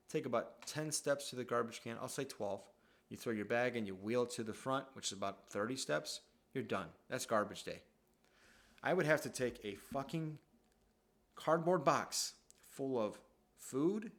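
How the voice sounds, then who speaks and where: Man, casual vlog monologue, swears a lot, rambling storyteller, recorded at home. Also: mid-range voice. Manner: profane, rambling, animated storyteller. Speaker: vlogger. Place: at home, downstairs.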